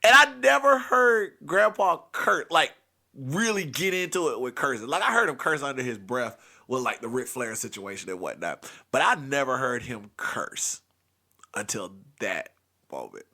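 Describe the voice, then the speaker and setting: A man hosting a comedy podcast, telling a family story with lively impressions of everyone in it. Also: medium pitch, normal speed, creaky. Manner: animated, acts out every character.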